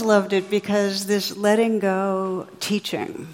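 A woman meditation teacher gives a gentle, unhurried dharma talk to her class. Her voice sits on the low side, calm and reflective. A long reverb tail follows her words, as in a large hall.

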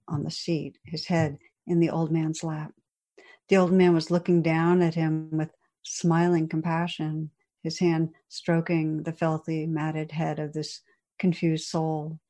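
A woman meditation teacher giving a dharma talk, telling a story in a gentle, reflective way with soft pauses. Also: low voice, flat delivery.

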